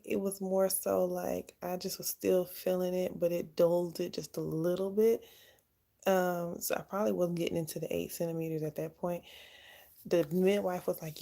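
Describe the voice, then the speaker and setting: A young woman with a dark, gravelly voice talks casually to her viewers. She tells her own story candidly, in a chatty and unguarded way. Her pitch sits a little low. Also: steady tone, normal speed. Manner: candid, chatty, laughs often. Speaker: vlogger.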